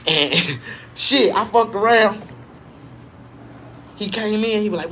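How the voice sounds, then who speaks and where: A male comedian telling a raunchy, profane story, swinging between low muttering and loud, high yelps. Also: slow, pauses often, a little hiss or hum.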